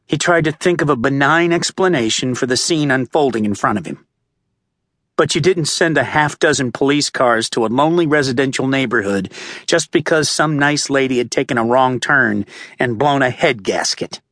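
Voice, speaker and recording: A male audiobook narrator reading a thriller in a tense, measured way, close to the mic. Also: medium pitch, a bit bright, no echo. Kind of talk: scripted narration. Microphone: close studio mic. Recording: dry close-miked studio.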